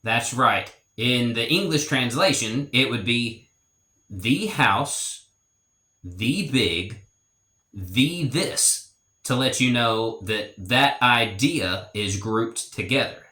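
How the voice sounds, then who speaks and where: Male teacher, slow and careful, bright tone, roomy echo. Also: medium pitch, lively intonation. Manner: slow, deliberate, repeats example phrases. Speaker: language teacher. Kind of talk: explanatory language lesson.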